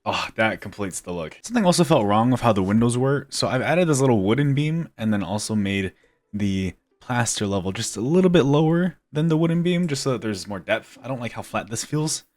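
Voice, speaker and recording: A man's voice: on the low side, lively intonation, brisk, a little mellow. A man giving casual, playful commentary on his game building, with self-mocking jokes and giggly asides. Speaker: gaming video creator.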